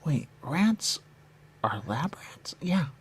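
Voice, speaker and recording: A man's voice: fairly high pitch, sing-song, very slow, slightly rough. A man trading absurd, playful comedy banter, with some whispered asides.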